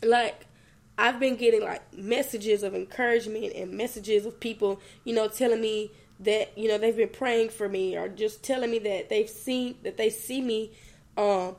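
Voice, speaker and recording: A woman's voice: medium pitch, steady tone, normal speed, darkish tone. A young woman hosting a faith podcast, talking earnestly and tearfully to her listeners in a casual conversational way. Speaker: podcast host. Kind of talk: personal faith reflection.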